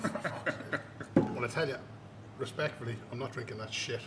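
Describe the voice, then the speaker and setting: A man's voice: medium pitch, fairly quick, echoey room, heavy background noise. A man with an Irish accent, telling stories over beers in a casual chat, laughing and swearing often. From Ireland. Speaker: guest at a beer tasting.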